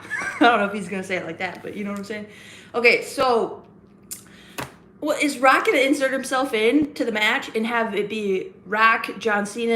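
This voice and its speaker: The livestream host is a woman whose voice sits on the high side and sounds a bit bright. She chats in a rambling way, full of fillers and restarts, while welcoming people in the chat, and the sound is reverberant with slight background noise.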